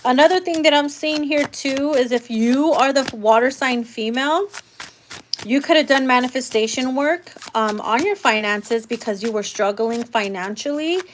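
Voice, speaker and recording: A woman's voice: a little high, a little hiss or hum. A woman giving a casual live tarot reading, talking bluntly and swearing freely. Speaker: tarot reader.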